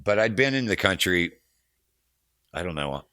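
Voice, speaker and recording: Casting: low, bright-toned man in his fifties, salty raconteur, dry close sound. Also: very animated, normal speed, smooth, no room sound. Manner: profane, heated storyteller, acts out quotes. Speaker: touring manager guest. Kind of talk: casual storytelling interview.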